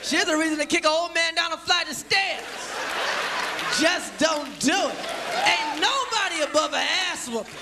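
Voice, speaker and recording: A man doing a stand-up comedy routine, loud and profane, shouting his punchlines. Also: very high-pitched, animated, normal speed. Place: live comedy venue with audience. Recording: loud crowd and noisy live recording. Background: crowd laughing.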